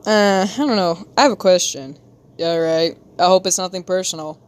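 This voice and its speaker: At a moderate, smooth pace, a young woman chats casually on her drawing livestream, giggling as she reads the chat aloud and occasionally breaking into sudden high squeals.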